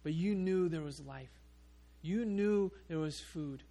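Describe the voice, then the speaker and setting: A male pastor tells a story in his sermon. His voice is fairly high with a gravelly fry, and he talks in an animated way, restarting his sentences often. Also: slow pace.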